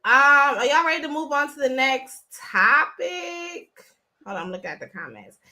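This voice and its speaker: Woman streamer, high bright voice, chatty and blunt, casual live talk on a phone. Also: very animated, normal speed.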